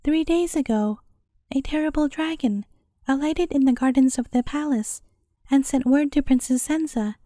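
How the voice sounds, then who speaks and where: A woman's voice: sits high, dark tone, no room sound, clean studio sound, lightly acted. A woman voicing a grieving old peasant woman in a storybook tale, telling her woes in a lamenting, pleading way.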